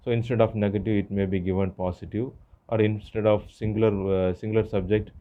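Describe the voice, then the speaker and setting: A man teaching an English grammar lesson, explaining step by step with frequent pauses and fillers. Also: on the low side, flat delivery, muffled recording. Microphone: phone screen recorder.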